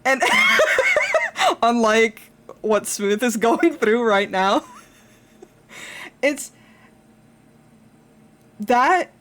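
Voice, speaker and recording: Young woman, streamer, casual chat while drawing, slow and unhurried, rambling, lots of fillers, laughs often. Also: a little high, very noisy. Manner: rambling, with frequent fillers and restarts.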